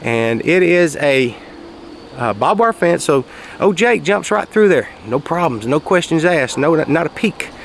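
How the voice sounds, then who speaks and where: Man, folksy casual storyteller, gravelly, outdoors with faint street noise. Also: fairly high pitch, very animated, unhurried. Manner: folksy, raises his voice for quoted shouts. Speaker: vlogger telling a story. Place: outdoors, quiet spot near traffic.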